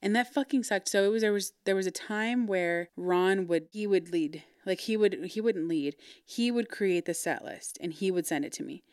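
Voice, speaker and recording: A young woman, a podcast guest, bluntly telling a story and swearing freely, growing animated when frustrated. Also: mid-range voice, normal speed, few pauses, smooth, no echo, studio quality. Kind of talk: casual storytelling interview.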